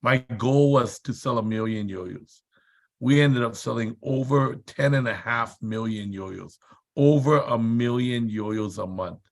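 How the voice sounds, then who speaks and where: A man speaking at a seminar delivers a motivational story dramatically, building up through emphatic repetition and acting out shouted quotes. His voice is medium-pitched and his pace measured.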